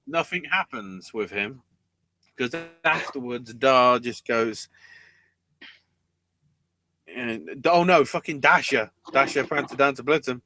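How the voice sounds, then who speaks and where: A man's voice: mid-range voice, lively intonation, slow, pauses often, bright, forceful tone, a little hiss or hum. A man co-hosting a wrestling podcast, recapping matches in a sarcastic, sweary, casual way. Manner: sarcastic, swears freely, breaks into goofy voices.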